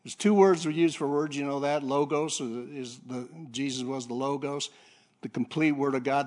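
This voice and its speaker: A man preaching a sermon, telling a story with halting repeats and throat clearing, then climbing to loud excited peaks. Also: medium pitch.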